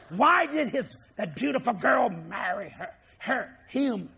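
A preacher from New Orleans with a Cajun accent, who shouts emphatic lines and drops low to chuckle through his stories. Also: big pitch swings, a little slow, creaky, hardly any pauses, a little hiss or hum. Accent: Cajun, Louisiana. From New Orleans, Louisiana. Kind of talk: sermon with humorous storytelling.

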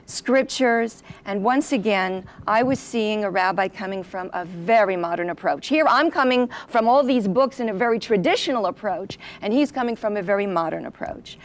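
A middle-aged woman giving a personal testimony in an interview, an animated storyteller who acts out the voices she quotes. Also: medium pitch, normal speed, hardly any pauses. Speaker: interview guest.

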